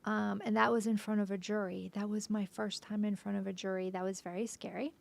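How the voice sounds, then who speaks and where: Woman on a podcast telling her story, bit of vocal fry, hesitant, slips into whispering a lot. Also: medium pitch, little pitch movement. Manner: halting, emotional retelling with frequent restarts; often drops to a soft whisper. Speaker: podcast guest. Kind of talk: personal storytelling interview.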